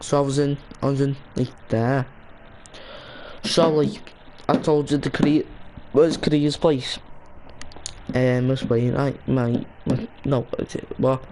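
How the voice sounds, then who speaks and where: A man's voice: medium pitch, steady tone, unhurried, long pauses, dark tone, a little hiss or hum, low-quality recording. A young man streaming a game, chatting casually and rambling with lots of restarts and fillers. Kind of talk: casual gaming stream chat.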